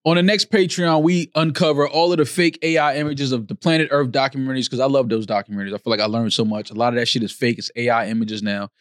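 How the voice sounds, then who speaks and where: A man's voice: medium pitch, steady tone, quick pace, hardly any pauses, no echo, studio quality. A man co-hosting a podcast in casual group chat, blunt and dismissive, swearing a lot. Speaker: podcast co-host.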